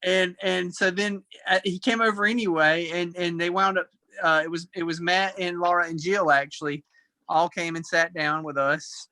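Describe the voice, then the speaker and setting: A man's voice: high voice, fairly even intonation, normal speed, bright, forceful tone, no room sound. A man from the United States, a guest on a remote call, telling a story in an easygoing, rambling way and often restarting his sentences. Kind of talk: casual storytelling in an interview.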